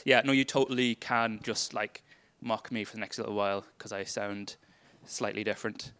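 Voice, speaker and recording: A man's voice: fairly low pitch, fairly even intonation, moderate pace, fairly bright tone, clean tone. Chatty Irish man giving a talk. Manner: chatty, self-deprecating, loose and conversational. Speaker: charity workshop speaker. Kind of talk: casual presentation to a youth group.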